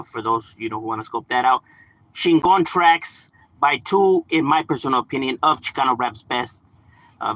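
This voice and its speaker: A young man from Southern California chatting casually on a live stream, relaxed, swearing and laughing often. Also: mid-range voice, no echo. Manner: laid-back, laughs often, drops swear words and slang. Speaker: livestream gaming host.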